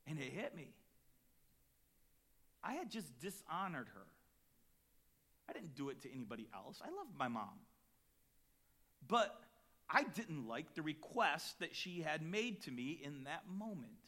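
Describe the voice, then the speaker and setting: Male pastor, fairly high, bright voice, dynamic sermon delivery, quiet-to-loud swings. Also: big pitch swings, a little slow, long pauses, husky. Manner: dynamic preaching, swings between quiet and loud emphatic lines; storytelling with acted quotes and chuckles.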